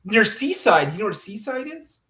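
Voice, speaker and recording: This high-pitched man swings widely in pitch at a moderate pace, his tone sharp and the sound roomy. Co-hosting a casual livestream, he reads local news from the police blotter and drops amused asides.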